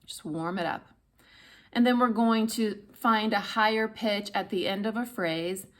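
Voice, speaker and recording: A woman teaching how to speak so that people listen, talking straight to viewers in an expressive instructional style and demonstrating pitch and volume as she goes. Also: measured pace. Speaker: voice coach. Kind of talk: instructional video talk.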